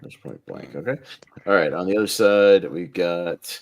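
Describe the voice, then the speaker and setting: A man's voice: low-pitched, normal speed. A man hosting a casual podcast panel, calling on each panelist to vote and laughing often as he swears in surprise.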